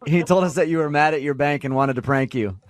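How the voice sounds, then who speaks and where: A man's voice: fairly high pitch, fast talker, no echo. Dry-voiced male radio prank caller. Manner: playful, deadpan, with exaggerated eating noises. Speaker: radio host doing prank calls. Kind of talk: prank phone call.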